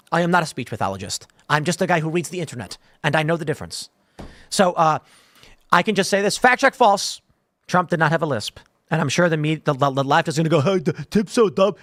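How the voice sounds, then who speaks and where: A man's voice: fairly high pitch, a bit bright, dry recording. A man hosting a commentary show, talking in a rambling, jokey way with lots of asides, from a studio room. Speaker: host.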